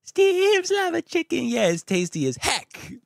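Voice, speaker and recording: A man's voice: extremely high pitch, drawn-out words, fairly bright tone, no echo, studio quality, pitched above the performer's own voice, full character voice. A man imitating a hyper five-year-old boy who shrieks and chants in a sing-song way. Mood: sing-song chanting.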